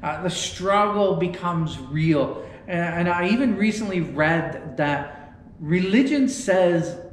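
A man's voice: high-pitched, lively intonation, slow, a little hiss or hum. A man preaching an online sermon in a folksy, conversational way, often repeating words. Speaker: pastor. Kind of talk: sermon with storytelling. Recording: echoey room.

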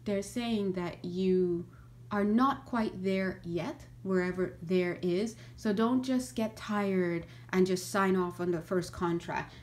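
A woman talking through a casual spiritual reading at a middle pitch. She chats freely, breaks into small laughs and wanders into lively asides as she goes. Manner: chatty, laughs often, animated asides. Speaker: astrology and tarot reader.

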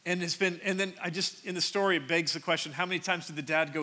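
Animated, bright-voiced male pastor preaching. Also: on the high side. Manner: conversational and animated, with frequent restarts and quick asides. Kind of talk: sermon. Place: large church sanctuary.

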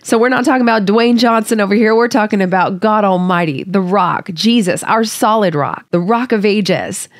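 A woman's voice: medium pitch, moderate pace, hardly any pauses, no echo. Earnest woman teaching the Bible, dry sound. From Hawaii. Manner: warm, earnest, heartfelt and conversational. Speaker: Bible study host. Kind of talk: devotional Bible teaching with scripture reading.

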